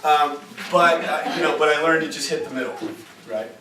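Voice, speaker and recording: A man with a fairly high voice gives an informal lecture at a group retreat, mixing stories with points and asking "right?" often. He is captured from a distance in an echoey room with faint hiss underneath. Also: moderate pace. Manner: animated, chatty, rhetorical "right?".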